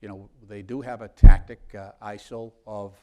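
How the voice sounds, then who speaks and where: A man's voice: fairly low pitch, steady tone, normal speed, darkish tone. Middle-aged guy, congressman telling a long campaign story, lots of so so so restarts. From South Boston. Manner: rambling anecdotes with many restarts. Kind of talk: storytelling in a live interview.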